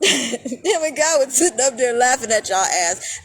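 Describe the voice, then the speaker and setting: A high-pitched woman in a heated, profane rant, her voice leaping up and down as she goes from loud outbursts to low muttering. There is a steady noisy hum behind her. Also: unhurried. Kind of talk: angry profane monologue.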